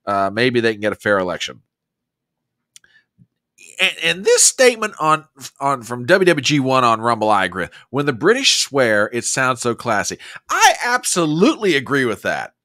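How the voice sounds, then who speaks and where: An American man hosts a casual livestream and reads viewer comments aloud with effusive enthusiasm. His pitch swings a lot and his tone is bright and forceful. The sound is dry and close. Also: huge pitch swings, normal speed, no room sound. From United States. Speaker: livestream host.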